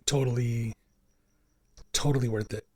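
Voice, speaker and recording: A man's voice: medium pitch, fairly even intonation, unhurried, a little mellow, no room sound. A man hosting a podcast, chatting casually and rambling with lots of fillers and restarts. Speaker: podcast host. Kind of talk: casual chat.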